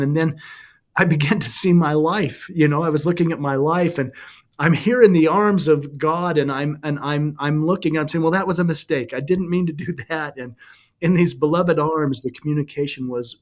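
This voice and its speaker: A middle-aged man recounting a deeply personal experience in an earnest, halting way, often restarting and slowing down. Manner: earnest, halting, with many restarts and slow pauses. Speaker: guest sharing a personal story. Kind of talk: emotional personal testimony.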